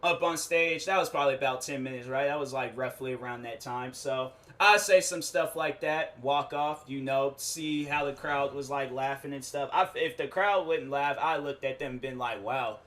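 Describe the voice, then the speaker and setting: A man hosting his own show, telling a rambling, animated comic story in slangy, casual talk with frequent restarts. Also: mid-range voice, normal speed, hardly any pauses. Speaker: show host. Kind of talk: casual comedic monologue.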